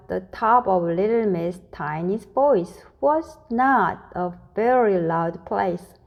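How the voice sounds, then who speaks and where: Female storyteller for a children's read-aloud; unhurried, deliberate, expressive delivery. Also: mid-range voice, creaky, highs cut off. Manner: slow, deliberate, expressive reading.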